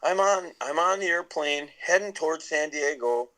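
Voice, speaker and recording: A man's voice: fairly high pitch, moderate pace, pushed and bright, low-quality recording. A middle-aged man, a podcast guest, tells a long personal story casually, with many restarts. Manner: rambling with many restarts and laughs.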